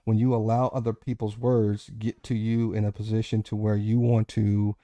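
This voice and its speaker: A man's voice: lowish voice, little pitch movement, moderate pace, warm tone, no room sound. A man hosting a casual online panel discussion, talking in an emphatic, lecturing way. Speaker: host.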